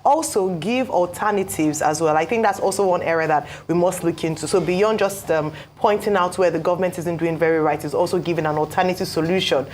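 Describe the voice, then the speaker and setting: A woman with a Nigerian accent giving measured, emphatic studio news analysis, with frequent restarts. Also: on the low side, darkish tone, slight background noise. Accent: Nigerian English. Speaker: news show panelist.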